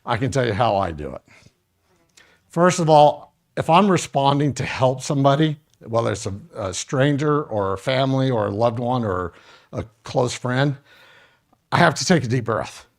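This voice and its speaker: A man's voice: mid-range voice, expressive, normal speed. A middle-aged man teaching a first aid class to a live audience, casual and joking, talking straight to the people in the room.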